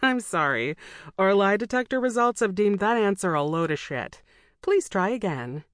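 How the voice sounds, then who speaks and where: A woman's voice: medium pitch, very animated, normal speed, dry recording, studio quality, voice pushed up, natural voice. A woman voicing a blunt, fiercely loyal friend. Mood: teasing. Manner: sharp, teasing, scolding. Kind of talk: audiobook dialogue.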